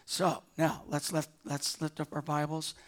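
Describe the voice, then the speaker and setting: A pastor telling a personal story during a conversational sermon, with easy restarts. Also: male voice, on the high side, level tone, unhurried.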